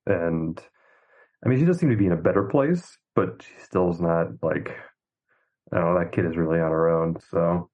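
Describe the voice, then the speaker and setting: A man co-hosting a podcast, chatting about a film in a relaxed, wry way. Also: deep voice, moderate pace, narrow, tinny audio. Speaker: podcast co-host. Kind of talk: casual film discussion.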